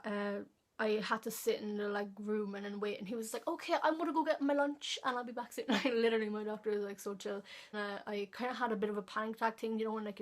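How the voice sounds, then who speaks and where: A teenage girl, rambling through a casual storytime vlog with many fillers and restarts. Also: mid-range voice. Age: teens. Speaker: vlogger.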